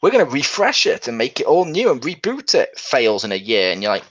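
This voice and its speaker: A young man co-hosting a casual chat about video games, talking in a chatty, animated way and laughing often. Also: mid-range voice, fairly quick, few pauses. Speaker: podcast co-host. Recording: dull lo-fi sound.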